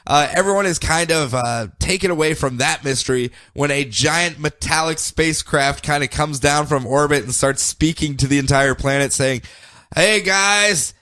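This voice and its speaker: A man hosting a podcast, casually recapping comics in a jokey, animated way. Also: on the high side, normal speed, few pauses, dry recording, studio quality. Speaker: podcast host.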